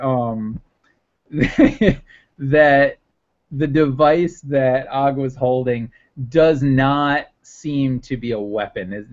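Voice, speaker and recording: A man's voice: medium pitch, darkish tone. A man narrating a tabletop game as game master, hesitant and laughing often, heard on a muffled lo-fi recording.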